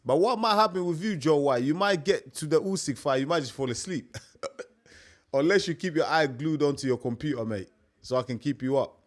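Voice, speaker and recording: A young man with a fairly high voice hosts a live stream. He chats casually, rambles and repeats himself, and keeps calling his listeners mate. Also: expressive, normal speed. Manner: chatty, repetitive, peppers talk with "mate".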